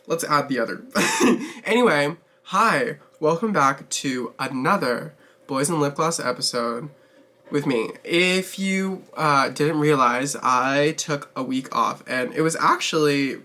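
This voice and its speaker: A man's voice: medium pitch, sharp tone. A man hosting his own beauty vlog, chatting casually and expressively while doing his makeup, swearing freely and laughing often. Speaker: beauty vlogger host.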